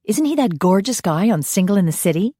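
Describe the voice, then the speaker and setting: A woman reads as a gossipy, catty female vampire, her voice raised high and eager. The reading is dry and close, like an audiobook. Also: very animated, fairly quick, mellow, dry recording.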